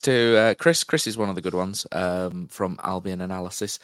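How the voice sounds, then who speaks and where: A man's voice: low-pitched, moderate pace, smooth, no echo. A man hosting a football podcast, wry and chatty, steering the talk with questions. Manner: wry, leads the conversation with questions. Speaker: podcast host. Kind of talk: casual chat.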